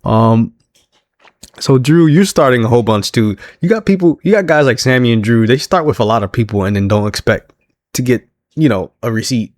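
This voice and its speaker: A man talks through a wrestling show in a loose, chatty way, often laughing and slipping into quoted lines. His voice sits in an ordinary middle pitch. The sound is dry and close, with no room around it. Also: expressive, a little fast, no room sound. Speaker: wrestling recap reviewer. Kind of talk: casual solo recap.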